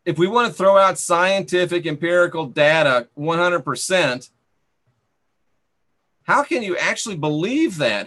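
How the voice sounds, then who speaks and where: Sarcastic bright-voiced male stream host. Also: sits high, lively intonation, a little slow. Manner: sarcastic, scolding, banning rude commenters. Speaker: channel host. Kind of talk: live stream chat, reading viewer comments.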